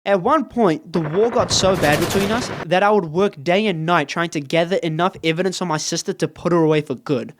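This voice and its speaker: A man's voice: high-pitched, brisk, few pauses. A young man telling funny childhood stories in a playful, wry, self-mocking way. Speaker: storyteller. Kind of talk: comedic storytime narration.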